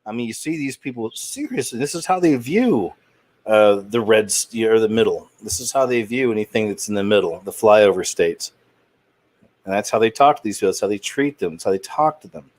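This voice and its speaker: Low-voiced man ranting indignantly. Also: expressive, brisk, darkish tone, no echo. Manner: rambling, indignant, with trailing restarts. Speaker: channel host. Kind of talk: casual commentary monologue.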